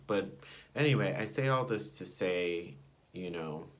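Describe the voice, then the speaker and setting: A man's voice: low voice, a little slow. A young man vlogging a personal story, rambling and digressing with many fillers. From United States. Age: young adult.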